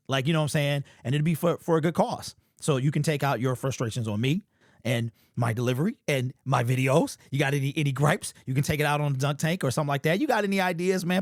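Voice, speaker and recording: A man's voice: fairly high pitch, no room sound, studio quality. A man in his forties hosting a casual fan commentary vlog, chatty and rambling with frequent restarts. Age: 40s. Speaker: sports YouTube channel host.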